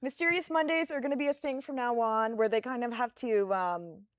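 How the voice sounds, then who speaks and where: A woman co-hosting a live stream in casual chat, briskly laying out plans step by step. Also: a little high, dry recording, studio quality. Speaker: stream co-host.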